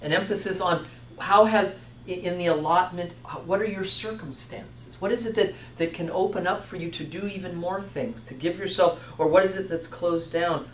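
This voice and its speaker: A man's voice: sits high, normal speed, a little hiss or hum. A man giving a sermon-style lecture on vocation, stressing points through repeated lists and restarting his phrases. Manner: repetitive, emphatic listing with self-restarts. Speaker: teacher speaking on Christian vocation. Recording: echoey room, voice from far off.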